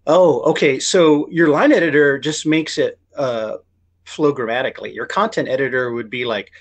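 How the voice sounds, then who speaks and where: In this relaxed interview, a male writer speaks at a normal speed with a medium-pitched voice. His talk wanders, full of false starts and self-corrections, and he voices other people's lines as quotations.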